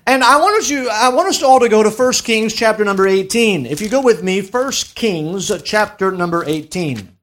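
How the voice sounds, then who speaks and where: A man preaching a sermon, reading scripture slowly and deliberately and rising to an emphatic, raised delivery. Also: sits high, expressive, a bit bright.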